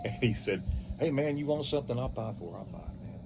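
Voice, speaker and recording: A man's voice: mid-range voice, animated, fast, creaky, noisy background. An older man casually telling a rowdy anecdote, swearing freely, chuckling as he goes and acting out other people's voices. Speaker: storyteller.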